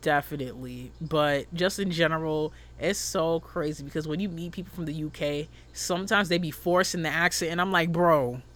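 High bright-voiced guy ranting away, slangy and animated, casual podcast talk. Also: moderate pace, few pauses. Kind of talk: casual chat.

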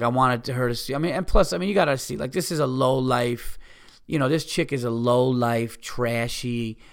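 Gravelly man ranting through a story. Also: medium pitch. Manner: profane, heated, rambling anecdote. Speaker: podcast host. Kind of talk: casual storytelling.

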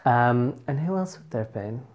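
A man's voice: medium pitch, expressive, moderate pace, highs cut off. Chatty gossiping man from Huddersfield. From Huddersfield, England. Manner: chatty and gossipy, often laughing. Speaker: podcast co-host. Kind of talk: casual chat reviewing a TV episode.

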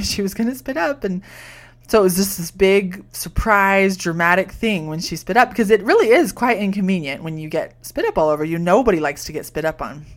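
A woman life coach telling a chatty, reassuring story in a podcast monologue, with many fillers. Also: deep voice.

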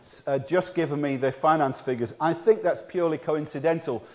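A man's voice: on the high side, a little fast, a little mellow. A middle-aged man preaching a conversational sermon, telling a story with acted-out dialogue and laughing at himself. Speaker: pastor.

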